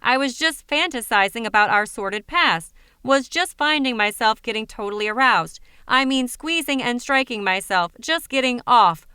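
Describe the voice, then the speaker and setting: A woman's voice: a little high, animated, moderate pace, hardly any pauses, pushed and bright, smooth, no room sound, studio quality. A woman voicing a lovestruck foreign man whose letter is written in awkward, bawdy English. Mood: amorous. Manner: reads a clumsy, overly intimate letter aloud.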